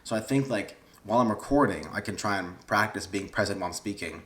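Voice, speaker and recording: A man's voice: on the low side, fast talker, a bit bright. A young man, vlogging casually in a rambling, awkward, self-deprecating way. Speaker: YouTuber. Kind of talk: casual vlog talk to camera.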